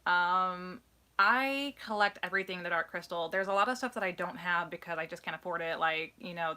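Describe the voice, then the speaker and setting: A woman co-hosts a live question-and-answer stream in a loose, rambling way, full of fillers and false starts. Her voice is bright and forward and sits slightly low. She sounds emotional and earnest as she talks. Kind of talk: casual live Q&A chat.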